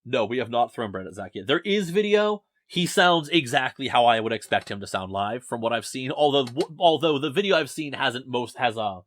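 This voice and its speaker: A man's voice: medium pitch, animated, a little fast, hardly any pauses, fairly bright tone. A young man hosting a casual podcast from his basement, rambling and self-deprecating as he talks. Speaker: podcast host. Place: home basement.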